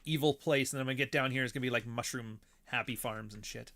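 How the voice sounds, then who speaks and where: Guy streaming a game and rambling on, swears a lot, bright punchy voice. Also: medium pitch, steady tone, fast talker, slight background noise. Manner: rambling, profane, laughs often. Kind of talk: casual chat while playing a game.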